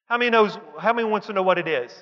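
High, bright-voiced preacher in a hall. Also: male voice. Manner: slow, emphatic reading that rises to fervent shouts. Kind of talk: sermon reading psalms with commentary. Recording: dull lo-fi recording with long hall reverb.

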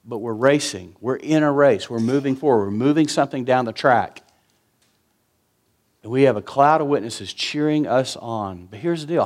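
A man, preaching a sermon in an earnest, conversational way with emphatic repetition. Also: mid-range voice. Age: 50s. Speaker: pastor.

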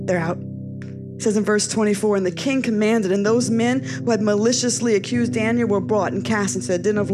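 A woman preaching a sermon in a punchy, conversational way, reading scripture aloud between short asides. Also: mid-range voice.

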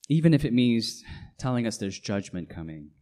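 A man's voice: medium pitch, very animated, moderate pace, dark tone. A middle-aged man, a pastor, preaching a sermon with emphatic delivery and frequent rhetorical questions.

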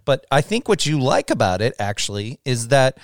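Measured male co-host, smooth resonant voice, dry close sound. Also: mid-range voice, sing-song, no room sound. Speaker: podcast co-host. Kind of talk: casual chat.

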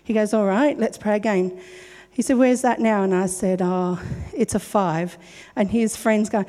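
A woman giving a joyful, giggly testimony in church and telling her story with animated energy. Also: medium pitch, moderate pace, hardly any pauses. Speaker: church member sharing a testimony. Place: church hall. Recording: long reverb of a hall.

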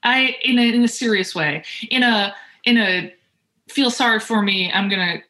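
A woman's voice: medium pitch, normal speed, bright, forceful tone. A woman, a writer on a panel, chatting over a video call and laughing often as she talks. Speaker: panel guest, author. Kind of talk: casual panel conversation.

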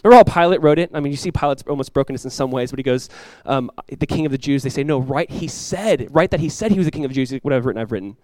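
A man preaching a sermon as pastor, emphatic, rising and swelling when he quotes scripture, with quick conversational asides. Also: medium pitch, darkish tone, no room sound.

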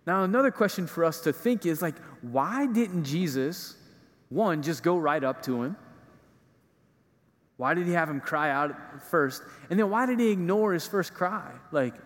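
A man's voice: a little high, expressive, a little slow. A male preacher giving a conversational homily in a church, using casual fillers as he explains. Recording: reverberant hall.

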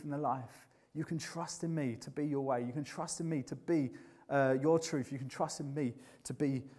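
A man's voice: high voice, a little mellow. A man preaching a sermon in a conversational, earnest way, often restarting his sentences.

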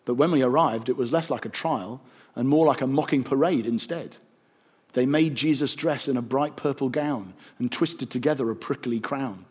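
A man narrating a rhyming story in a gentle, rhythmic storytelling manner. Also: mid-range voice, normal speed, slightly rough.

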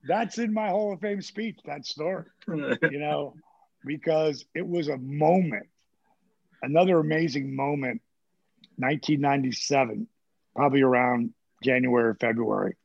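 Gravelly older man telling profane stories. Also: on the high side, normal speed, no echo. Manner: profane, animated, acts out quotes. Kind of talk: casual storytelling. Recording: dull, muffled audio.

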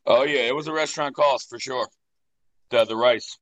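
A man, a chef and food safety trainer, talking casually in halting bursts full of fillers, blunt and quick to swear. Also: mid-range voice, fairly bright tone, no room sound, poor audio. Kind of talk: casual podcast chat.

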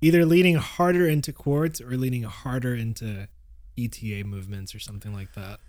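A man co-hosting a casual podcast chat, relaxed and laughing often, with halting restarts. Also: medium pitch. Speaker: podcast co-host.

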